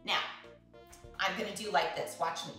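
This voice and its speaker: A woman's voice: lowish voice, steady tone, normal speed, pushed and bright, echoey room, faint music behind. A woman hosting a casual cooking demonstration, chatty and playful, laughing often as she talks another cook through a recipe. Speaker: cooking show host. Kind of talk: casual cooking demonstration over video call.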